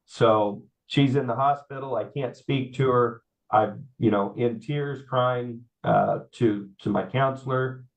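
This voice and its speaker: A man, telling his life story in an interview, halting with many fillers and repeats. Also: medium pitch. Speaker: guest. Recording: slightly dull audio.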